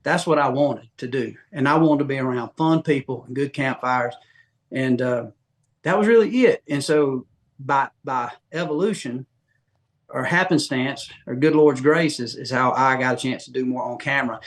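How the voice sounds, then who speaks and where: A middle-aged man from Georgia with a Southern accent, a podcast guest telling folksy, animated stories and acting out quotes. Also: medium pitch, normal speed. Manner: folksy, animated, acts out quotes with big voice jumps. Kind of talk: casual storytelling interview.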